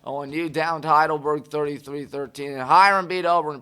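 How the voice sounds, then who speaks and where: A man's voice: fairly high pitch, fairly even intonation, brisk, few pauses, bright, forceful tone, clean tone. A man hosting a community TV sports talk show, rattling off scores with sarcastic, exasperated asides. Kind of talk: scores recap monologue. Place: community TV studio.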